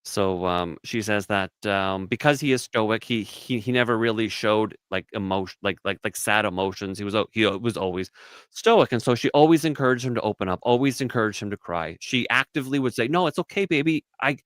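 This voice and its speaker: A man co-hosting a casual podcast, rambling with many restarts and mocking others in shrill put-on voices. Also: brisk, a bit bright, clean tone, no echo. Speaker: podcast co-host. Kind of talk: casual chat.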